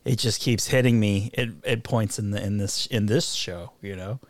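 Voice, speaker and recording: A man, hosting a comedy podcast, jokey and teasing and quick to laugh. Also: fairly low pitch, steady tone, dry recording, studio quality. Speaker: podcast host. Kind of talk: casual comedic banter.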